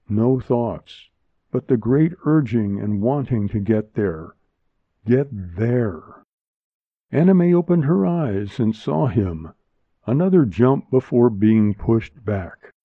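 A man narrating a short story as a volunteer reader, in a measured, hushed delivery recorded with a dull, lo-fi sound on a close mic. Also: medium pitch, no echo. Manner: slow, measured, hushed reading. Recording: dull lo-fi dry studio sound.

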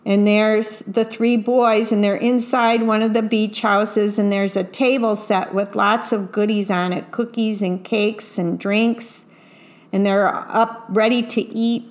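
A woman reading a picture book aloud, gently pointing out what is in the pictures as she goes. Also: mid-range voice, little pitch movement, unhurried. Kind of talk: read-aloud storytelling with picture commentary.

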